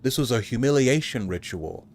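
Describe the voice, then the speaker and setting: A man hosting a provocative monologue, talking slowly and graphically, mocking in a raised voice at times and addressing listeners as gentlemen. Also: medium pitch, animated. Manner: slow, graphic, mocking, acts out taunts in a raised voice. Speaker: podcast host.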